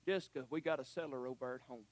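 A male preacher, delivering a sermon that swings from shouts to hushed, emotional asides and calls the listeners honey. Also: mid-range voice, steady tone, very fast, no echo.

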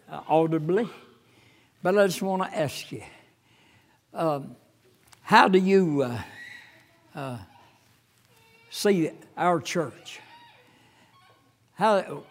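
An older man preaching a sermon as a pastor, halting with fillers, then rising fervently when he quotes scripture. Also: a little high.

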